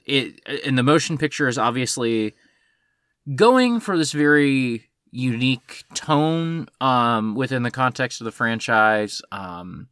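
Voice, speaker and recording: A man co-hosting a podcast, chatting casually about films, animated, swearing freely and laughing often. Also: medium pitch, no room sound, clean studio sound. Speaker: podcast co-host. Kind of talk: casual film discussion.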